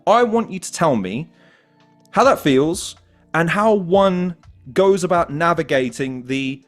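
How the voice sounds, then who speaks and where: A man's voice: a little high, expressive, measured pace, faint music behind. A man hosting a podcast interview, asking long, enthusiastic questions in a talkative way. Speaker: podcast host.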